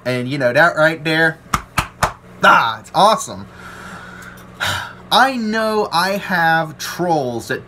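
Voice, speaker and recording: A man's voice: a little high, bright, forceful tone, slight background noise. A man, a welder ranting to his channel about trolls, rambling and aggrieved and acting out what other people said. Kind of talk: ranting to camera.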